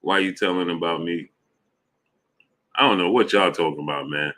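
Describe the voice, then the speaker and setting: Deep-voiced man laughing through live chat. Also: moderate pace, bright, forceful tone. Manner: laughs a lot, greets viewers by name. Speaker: livestream host reading chat.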